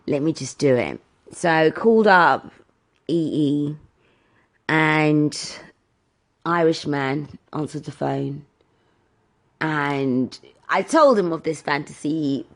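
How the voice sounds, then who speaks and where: A woman vlogging, telling everyday stories in a chatty, exasperated way and swearing freely. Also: low voice. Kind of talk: casual ranting storytime.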